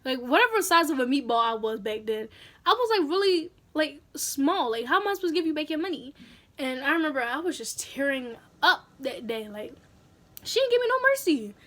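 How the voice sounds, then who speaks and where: A woman vlogger telling a personal story in a casual, animated, slangy way. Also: high-pitched, a little fast.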